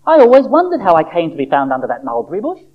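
A preacher voicing a restless young male seed in a storybook tale, excitable and pleading. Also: mid-range voice, rapid-fire. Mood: eager. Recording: dull lo-fi recording.

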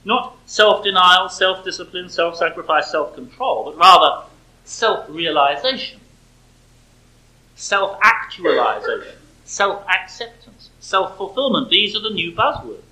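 Male speaker, bright forceful tone, prepared sermon delivery with dry sarcastic edge. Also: high voice, expressive, unhurried, rough recording. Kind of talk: prepared sermon-style lecture.

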